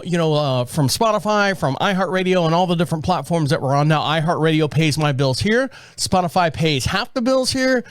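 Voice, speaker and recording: A high-pitched man hosts his podcast, rambling from one aside to the next in a casual, joking way. His voice sits dry and close, with no room sound around it. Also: no room sound. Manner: rambling and chatty, with asides and jokes. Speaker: podcast host. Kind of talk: casual chat. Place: podcast studio with several cameras.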